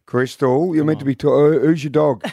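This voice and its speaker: A man's voice: fairly high pitch, steady tone, warm tone, no echo, studio quality. A man with an Australian accent hosting breakfast radio, teasing his co-host and bantering with callers. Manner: teasing, quick to laugh.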